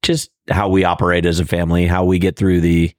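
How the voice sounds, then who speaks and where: A husband on a podcast, chatting in an easygoing way and laughing along with the others. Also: male voice, low-pitched, little pitch movement, brisk, dry recording, clean studio sound. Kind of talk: casual banter.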